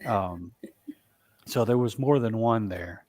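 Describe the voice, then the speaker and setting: A man telling a long story as a guest in a casual interview, halting, with frequent restarts and asides. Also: fairly low pitch, a little mellow, no room sound. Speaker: guest, Bigfoot researcher.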